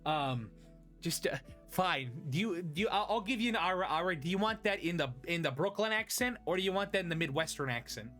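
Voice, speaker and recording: A man's voice: high voice, animated, a little fast, sharp tone, faint music behind. A man in casual chat, playful and joking, a Vtuber. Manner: playful, joking, laughs often.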